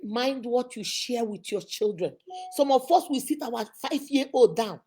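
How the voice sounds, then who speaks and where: A Nigerian woman talks straight to her viewers about marriage trouble, emphatic and a little preachy. Her voice sits high and sounds husky. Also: animated, a little slow, a little mellow. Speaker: relationship advice vlogger. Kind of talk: advice talk to camera.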